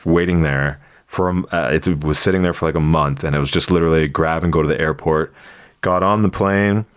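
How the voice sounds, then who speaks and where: A man in casual conversation telling a story about a meeting, animated and jumping into quoted voices as he goes. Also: extremely low pitch, a little fast, smooth, no echo, clean studio sound. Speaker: comedian and impressionist guest.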